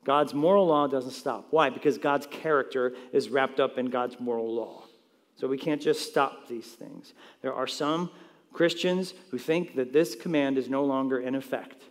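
A man's voice: mid-range voice, moderate pace. A man preaching a sermon as pastor, emphatic and direct, posing rhetorical questions to the congregation and answering them himself. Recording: long reverb in a large hall.

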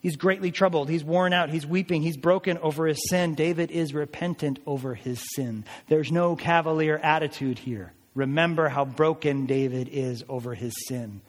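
A man's voice: fairly high pitch, normal speed, hardly any pauses, long reverb tail. A man preaching a sermon as a pastor, earnest and emphatic, his voice rising on pleading passages.

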